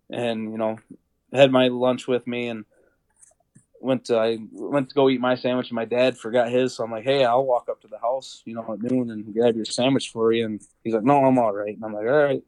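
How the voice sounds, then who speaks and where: A young man spins a hunting story in an easygoing, rambling way, leaning on fillers and playing out bits of dialogue. His voice sits in a medium pitch, recorded close and dry with no room around it. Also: darkish tone, dry recording, poor audio. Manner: rambling, many fillers and acted-out quotes. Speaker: podcast guest, deer hunter. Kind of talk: casual storytelling.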